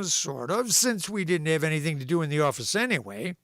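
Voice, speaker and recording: A man's voice: on the high side, fairly quick, few pauses. A man hosting a livestream, reading a comic newspaper story aloud and acting out its voices and sound effects. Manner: animated storyteller, voicing characters and sound effects. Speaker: livestream host.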